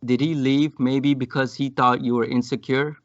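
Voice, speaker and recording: A man's voice: medium pitch, flat delivery, moderate pace, dry recording. A man debating as a guest on a podcast, blunt and confrontational, with crude jabs. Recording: dull, dry lo-fi call audio.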